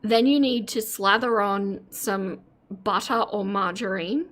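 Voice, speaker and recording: A woman's voice: medium pitch, slow, fairly bright tone. An Australian woman in her forties, chatting casually with her live-stream audience and giggling often. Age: 40s. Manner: giggly, breaks into laughter often.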